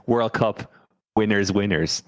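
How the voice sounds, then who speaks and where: A man's voice: fairly low pitch, takes it slowly, no room sound. A man from Ireland, co-hosting a podcast in casual, joking chat and swearing freely. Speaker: podcast co-host.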